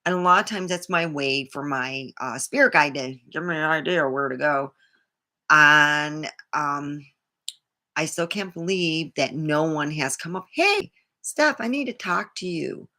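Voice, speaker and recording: A woman's voice: sits low, a little slow, bright, forceful tone. A woman vlogger talking in a rambling, indignant way, swearing freely as she tells a personal story. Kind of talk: casual monologue to camera.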